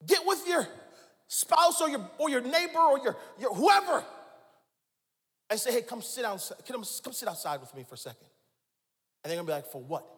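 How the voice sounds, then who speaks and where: A man in his forties preaching a sermon, swinging from hushed lines to shouts and calling out to the congregation. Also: very high voice, very animated, moderate pace, long pauses, big-room sound. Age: 40s. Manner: dramatic swings from hushed to shouting, call-and-response with the crowd. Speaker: pastor.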